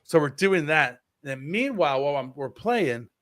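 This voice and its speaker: A man in his thirties co-hosts a podcast, telling a story in casual conversation and acting out the quotes on a close mic. His voice sits on the high side at a moderate pace, with no echo, and he comes across as an animated storyteller.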